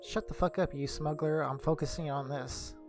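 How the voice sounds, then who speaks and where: A man's voice: on the high side, steady tone, normal speed, music in the background, close to an everyday voice. A man voicing a hostile, foul-mouthed young female pterodactyl girl in a game read-through. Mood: snarling. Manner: snarling, swearing, dismissive.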